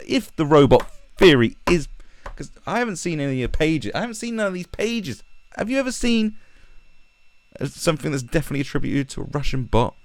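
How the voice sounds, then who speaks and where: A man rants in commentary, swearing freely and dropping into mocking voices. His voice sits very low and rough with fry, and its pitch leaps around animatedly. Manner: sweary, ranting, sarcastic mock voices. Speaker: commentary vlogger. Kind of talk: ranting commentary.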